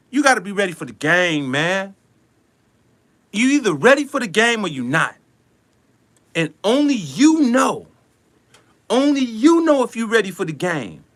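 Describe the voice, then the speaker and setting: Animated man giving a preachy rant. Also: extremely high pitch. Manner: animated, preachy, acts out little scenes. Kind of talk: motivational rant.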